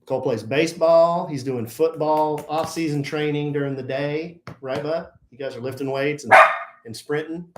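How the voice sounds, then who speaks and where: A man's voice: a little high, normal speed. A middle-aged man co-hosting a podcast in casual, joking chat. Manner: lively, joking, talks with his son. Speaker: podcast co-host. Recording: echoey room with faint noise.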